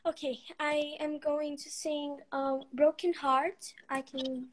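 A woman's voice: high-pitched, level tone, slow. A nervous woman fan on a livestream call, shaking with nerves and speaking English as a second language. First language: Portuguese. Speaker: fan caller. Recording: music in the background.

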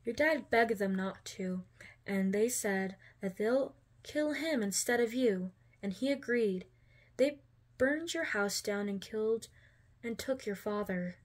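A woman hosting a channel and reading a second-person fan story aloud in a plain, steady storytelling voice. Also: medium pitch, takes it slowly. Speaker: fanfiction reader.

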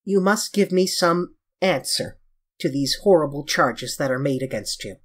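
A reader voicing a grave, earnest male painter who pleads and reproaches his young friend, with a husky tone. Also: fairly high pitch, animated, moderate pace. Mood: pleading.

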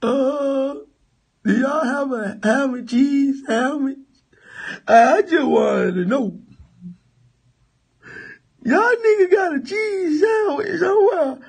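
A man voicing a whining, tearful grown man who pleads and begs in a high crying voice. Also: expressive, slow, gravelly, pauses often, heavily acted. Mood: weepy begging.

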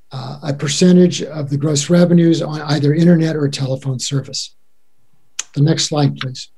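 A man acting as a cable franchise consultant, giving a measured, formal briefing during a city council meeting, heard over a video call. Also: a little high, warm tone, husky.

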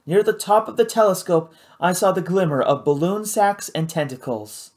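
An audiobook reader narrating a novel in the first person, measured and expressive. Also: mid-range voice.

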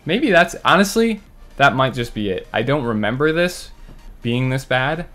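A man giving running commentary on his own gameplay, muttering to himself and breaking into loud, frustrated outbursts. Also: mid-range voice, very animated, moderate pace, soft background music. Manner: talks to himself while playing. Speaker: gaming channel host.

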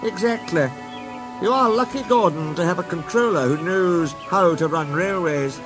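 A man's voice: high-pitched, normal speed, over music, pitched above the performer's own voice, lightly acted. A man voicing a famous, worldly male express engine who talks in a friendly, knowing way.

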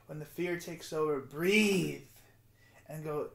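A man's voice: on the high side, takes it slowly, vocal fry. A man in his twenties giving an earnest, rambling motivational vlog monologue with guided breathing and affirmations. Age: 20s. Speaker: vlogger.

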